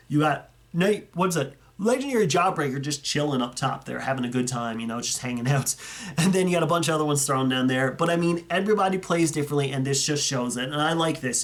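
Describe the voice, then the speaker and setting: An enthusiastic young man with a fairly high voice, talking loosely and excitedly, often stopping to correct himself mid-sentence. His speech is casual and unscripted, like a friendly video commentary. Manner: chatty, enthusiastic, rambling with self-corrections. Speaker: YouTuber reviewing fan collections. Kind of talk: casual commentary over viewer photos.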